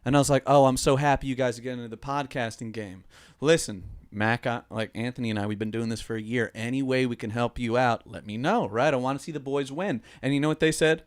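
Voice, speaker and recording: A man co-hosting a casual podcast, joking around with friends and breaking into loud outbursts. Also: mid-range voice, quick pace, smooth. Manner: animated, bursts into loud outbursts and mock voices. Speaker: podcast co-host.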